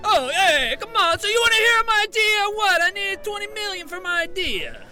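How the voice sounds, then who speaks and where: A man in an improvised comedy bit, goofy and excitable. His voice is high and piercingly bright. It bounces through a wide, lively range. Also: brisk, soft background music. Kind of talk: improvised comedy role-play.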